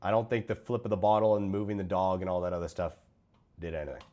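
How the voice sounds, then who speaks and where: A man's voice: deep voice, quick pace, mellow. A man giving blunt, profane reaction commentary on other creators' fitness videos. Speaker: host reviewing fitness coaches' videos.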